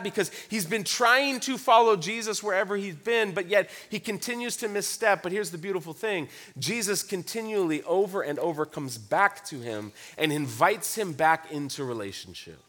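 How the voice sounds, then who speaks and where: Male pastor, earnest reflective sermon, bright ringing voice. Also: high-pitched, lively intonation, normal speed, hardly any pauses. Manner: earnest, reflective, repeats words.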